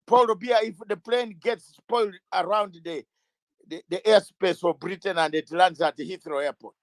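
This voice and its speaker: This is impassioned political talk from a man appearing as an interview guest, his voice high-pitched in a rough, echo-free recording. He's emphatic and fiery, hammering points with repeated rhetorical questions, sometimes raising his voice and repeating words as he starts out.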